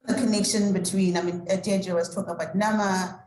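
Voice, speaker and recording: A woman's voice: medium pitch, fairly even intonation, a little fast, darkish tone, roomy sound, low-quality recording. A woman moderating a panel discussion, speaking in an affirming way and often restarting her sentences.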